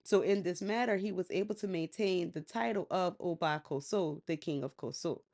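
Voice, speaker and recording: A woman's voice: lowish voice, normal speed, darkish tone. A woman podcast host retelling myths in a casual, slangy, conversational way. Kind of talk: casual storytelling lecture.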